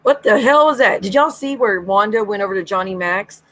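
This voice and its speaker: A woman's voice: mid-range voice, animated, a little fast, fairly bright tone, low-quality recording. A woman hosting a livestream, telling gossip in a casual, chatty way, acting out what others said and swearing freely, often breaking into giggles. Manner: gossipy storytelling, acts out quoted lines, swears freely. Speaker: livestream host. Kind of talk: casual chat.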